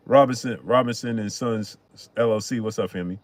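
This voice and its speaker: A man hosting a casual boxing live stream, greeting viewers by name and chatting in an animated way. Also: medium pitch, normal speed. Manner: shouts out chat names, chatty and animated.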